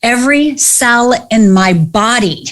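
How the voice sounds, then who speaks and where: Animated woman guest, slightly high voice, candid storytelling with acted-out quotes. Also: takes it slowly.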